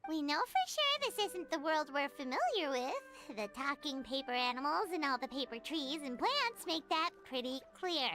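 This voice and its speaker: A tiny, excitable floating companion in a video game, chirpy and given to speaking of herself in the third person. Her voice sits extremely high and bounces all over. Game music is clearly audible behind her. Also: normal speed, few pauses. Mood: thoughtful.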